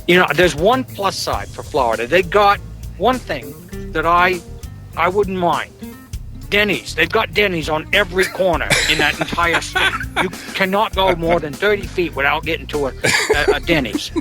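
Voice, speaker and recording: Caller, middle-aged, rambling deadpan bit, slightly high and bright, faint music behind. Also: male voice, moderate pace. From New Jersey. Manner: rambling, jokey, deadpan boasting. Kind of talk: phoned-in voicemail monologue.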